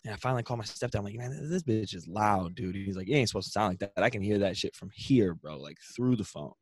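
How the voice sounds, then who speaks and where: A man's voice: lowish voice, animated, fast, slightly rough, dry recording. A young man co-hosting a podcast, telling a long road-trip story in casual, profane chat and acting out the people in it. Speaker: podcast co-host.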